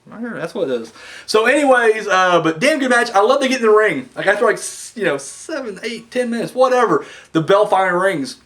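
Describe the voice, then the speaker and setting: A young man giving a casual, excitable review of a wrestling show, slangy and full of "dude" and "like". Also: high voice, brisk.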